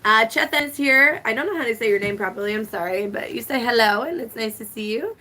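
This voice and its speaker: Chatty woman van-life co-host, slightly high. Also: lively intonation, fast, sharp tone. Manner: chatty, laughs often, trails off mid-thought. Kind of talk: casual livestream chat.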